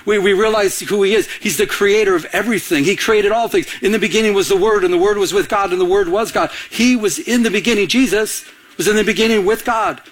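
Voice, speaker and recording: A man's voice: high-pitched, fast, rough recording. A man preaching a sermon, calling for amens from the congregation and acting out the people in the story, often restarting words. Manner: preaching with call-and-response and acted-out quotes. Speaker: pastor.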